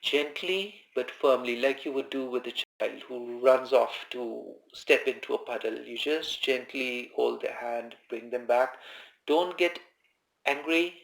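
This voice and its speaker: A man talks listeners through a meditation in a relaxed, informal way, coming back to the same simple phrases again and again. His voice has a gravelly edge at a middle pitch. The sound carries the echo of a reverberant room. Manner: calm, repeats key phrases, conversational asides. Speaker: meditation teacher. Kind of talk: informal spoken meditation instruction. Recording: echoey room.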